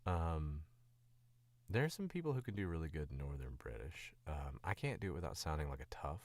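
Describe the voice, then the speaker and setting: Very deep, gravelly man talking shop. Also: fairly quick, no room sound. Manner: rambling, filler-heavy and animated, demoing accents. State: feeling sick. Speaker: voice actor. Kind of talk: casual livestream chat.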